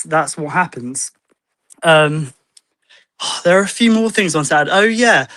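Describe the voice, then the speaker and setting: A man in casual spiritual chat on a video call, out of breath and hesitant, with many fillers and pauses. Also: a little high, pushed and bright, no room sound. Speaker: co-host.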